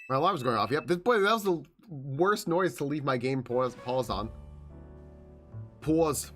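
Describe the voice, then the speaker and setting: A man's voice: medium pitch, animated, measured pace, fairly bright tone. A man streaming a video game, chatting casually, laughing often and reading the game's lines aloud. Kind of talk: casual gameplay commentary. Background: game music.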